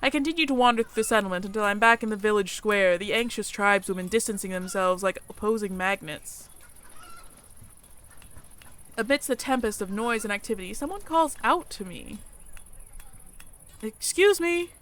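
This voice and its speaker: A woman's voice: mid-range voice, a little fast, fairly bright tone. A woman hosting a let's play, reading a visual novel aloud in a wry, conversational way.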